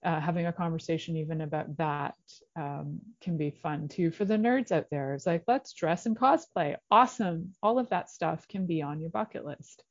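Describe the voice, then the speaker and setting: A middle-aged woman with a deep voice and moderate pace hosts a radio talk show in a casual solo monologue, chatty and encouraging with playful asides. The recording is dry, slightly dull, and lo-fi.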